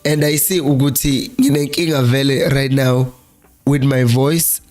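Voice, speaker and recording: A hoarse South African man with a flu-worn voice, hosting a live-streamed football chat in a Zulu-accented mix of English and Zulu and reading viewer comments aloud. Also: mid-range voice, fairly even intonation, a little slow, darkish tone, soft background music. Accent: South African, Zulu-speaking. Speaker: fan channel host.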